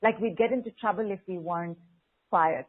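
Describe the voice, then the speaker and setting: Over an online video call with phone-like audio, a woman who teaches spirituality guides her group through spoken affirmations. She has a mid-range, breathy-edged voice and works slowly and repetitively, coaxing listeners and reading their messages aloud.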